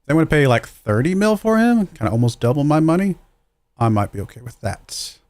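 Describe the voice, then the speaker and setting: A man's voice: a little high, sing-song, fairly quick, darkish tone, dry recording. A man casually commenting while he plays a football management game on a livestream, thinking aloud and chuckling at his own slips. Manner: musing aloud, self-deprecating, chuckles at own mistakes.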